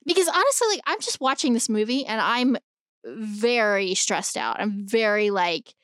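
An animated woman co-hosting a podcast, arguing her point in casual chat and swearing freely. Her voice sits fairly high. The sound is dry and close, with no room in it. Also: normal speed, no room sound. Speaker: podcast co-host.

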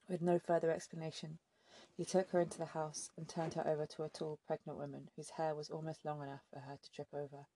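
A woman narrating an audiobook in a steady, measured way. Her voice is gravelly and husky, dark in tone, with a flat, even line. The sound is dry and close. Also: sits low. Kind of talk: scripted narration.

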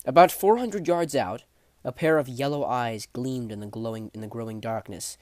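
A man narrating a fantasy novel chapter in a measured, dramatic storytelling manner. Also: mid-range voice, darkish tone, dry recording. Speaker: audiobook narrator.

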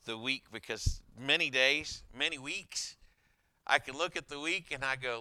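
A man preaching a sermon as a pastor, telling anecdotes in a conversational, animated way. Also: mid-range voice, normal speed, dry recording, clean studio sound. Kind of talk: sermon with storytelling.

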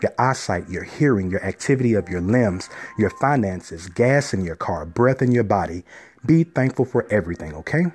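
Low-voiced upbeat life coach man. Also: expressive, normal speed, darkish tone, breathy edge. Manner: upbeat, encouraging, talks straight to listeners. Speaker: life coach, podcast host. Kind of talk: motivational podcast monologue.

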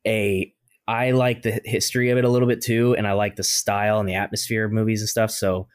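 A young man with a lowish voice talks casually on a podcast, close to a dry mic. He muses like a film buff, circling back and restarting his thoughts as he goes. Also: flat delivery, a little fast, no room sound. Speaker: podcast co-host. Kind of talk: casual chat.

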